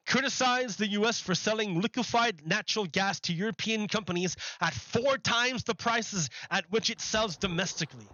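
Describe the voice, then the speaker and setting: Man, high bright voice, rambling political streamer, dry and slightly dull mic. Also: normal speed, few pauses, dry recording. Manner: rambling, repeats words, mocking put-on quotes. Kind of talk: live-streamed political commentary.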